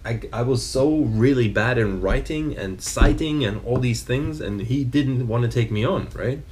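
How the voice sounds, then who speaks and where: A fitness vlogger in his mid-thirties talks loosely to the camera, telling stories and swearing freely. His medium-pitched voice is a little mellow and moves at a normal speed, with slight background noise.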